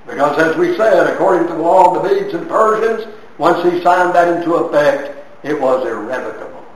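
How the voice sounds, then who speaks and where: A man preaching a sermon, retelling a Bible story with dramatic swings between soft and loud. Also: fairly quick, a little hiss or hum. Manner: dramatic storytelling with sweeping swings of pitch and loudness. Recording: very echoey hall from far off.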